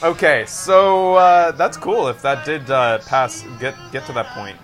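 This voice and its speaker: A man's voice: on the high side, fairly even intonation, a little slow, a bit bright. A man hosting a live show, chatting casually and rambling with lots of fillers. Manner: rambling, filler-heavy storytelling. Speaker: host. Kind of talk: casual live-stream chat. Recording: music playing under voice. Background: jazz music playing.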